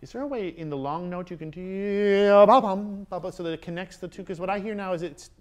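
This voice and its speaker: A man teaching a master class, coaching players and singing rhythms out loud, often checking with a quick "yeah?". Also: high-pitched, faint music behind. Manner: sings rhythms aloud, frequent checking "yeah?". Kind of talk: coaching musicians, singing phrases. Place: concert hall with instruments playing.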